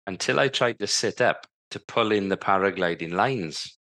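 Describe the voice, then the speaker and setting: This former Paralympic cycling champion, a man in his fifties, tells his story vividly as a podcast guest, acting out what people said to him. His voice sits low, with a moderate pace and a bright, forceful tone.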